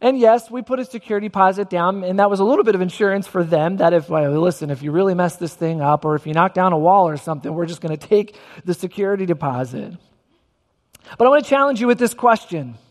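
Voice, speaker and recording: A man with a high voice preaches a sermon. He is emphatic and presses his questions more than once. The sound rings with a long reverb from a large hall. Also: fast. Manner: emphatic, repeats questions for effect. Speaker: pastor.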